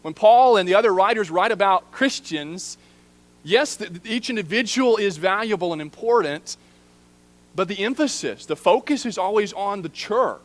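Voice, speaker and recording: A man's voice: animated, moderate pace. Earnest man preaching a sermon. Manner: earnest, drops to soft low emphasis on key phrases. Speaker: preaching minister. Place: church sanctuary.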